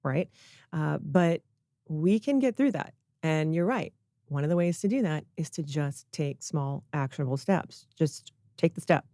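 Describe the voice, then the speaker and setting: Warm, emphatic woman guest. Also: low voice, animated, measured pace, dry recording, clean studio sound. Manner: emphatic, encouraging. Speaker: podcast guest, coach. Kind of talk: casual conversational chat.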